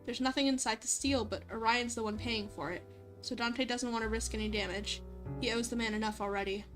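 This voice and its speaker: Bubbly high-voiced young woman streamer. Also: steady tone, a little fast, fairly bright tone, soft background music. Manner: bubbly, rambling, giggly. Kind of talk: reading a visual novel aloud with commentary.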